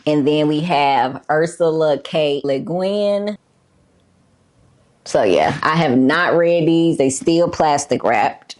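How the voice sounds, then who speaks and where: Low-voiced, slow-talking woman vlogger. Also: darkish tone. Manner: laid-back, chatty, many fillers like "like" and "um". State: a bit out of breath. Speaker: book collection vlogger. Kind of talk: casual show-and-tell chat.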